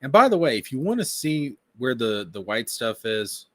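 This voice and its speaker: A man giving reaction commentary on a stream, excitable, profane and mocking. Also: medium pitch, moderate pace, no room sound.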